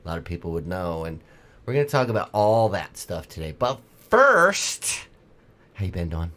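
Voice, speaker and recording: A man's voice: low-pitched, fast, a little mellow. A middle-aged man hosting a podcast in casual, jokey banter. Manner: jokey, puts on spooky voices. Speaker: podcast host.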